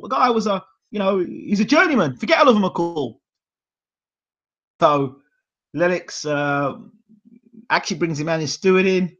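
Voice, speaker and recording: A man's voice: sits high, lively intonation, normal speed, pauses often, fairly bright tone. A man in his forties hosting a boxing channel, telling casual stories and acting out his dad's voice in the quoted lines. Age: 40s. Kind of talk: casual storytelling monologue. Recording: dull lo-fi sound.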